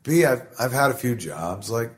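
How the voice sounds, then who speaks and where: A middle-aged man, a podcast guest, telling stories in casual conversation with lots of swearing and animated asides. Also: medium pitch, moderate pace. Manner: animated, profane storytelling.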